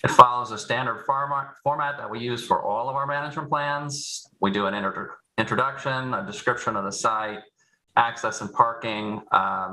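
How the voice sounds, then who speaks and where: A man joining by remote call, presenting a plan at a town board meeting in a clear, orderly way from prepared notes. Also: lowish voice, sharp tone, poor audio.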